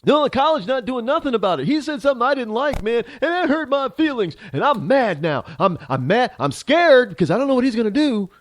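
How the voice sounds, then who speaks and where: A man's voice: very high voice, very animated, brisk, few pauses, pitched above the performer's own voice. A man voicing a whiny, frightened young male college student who complains in a self-pitying way.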